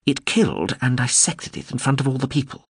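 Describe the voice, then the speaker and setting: A man's voice: medium pitch, animated, fairly quick, breathy edge, dry recording, clean studio sound, voice pushed up. A man voicing an exasperated female professor who speaks in a reproachful, fussy way. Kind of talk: audiobook character voice.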